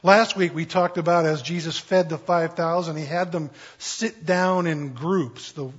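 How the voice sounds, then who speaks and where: A man's voice: a little high, fairly even intonation, measured pace, husky, lo-fi sound. A man preaching a sermon in a conversational, playful way, acting out quotes with jokes. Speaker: pastor.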